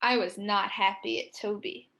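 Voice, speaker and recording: A young woman teaching a writing lesson to children, reading her story aloud in an expressive, sing-song way. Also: mid-range voice, moderate pace, creaky.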